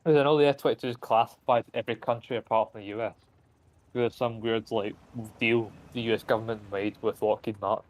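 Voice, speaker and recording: A man's voice: mid-range voice, steady tone, quick pace. A young man, a British streamer rambling profanely in casual chat and laughing at his own jokes. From Britain.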